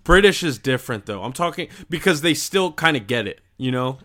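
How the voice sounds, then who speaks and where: A man's voice: mid-range voice, lively intonation, fairly quick, a bit bright. A man co-hosting a podcast in casual chat, blunt and argumentative, laughing at his own jokes. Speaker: podcast co-host.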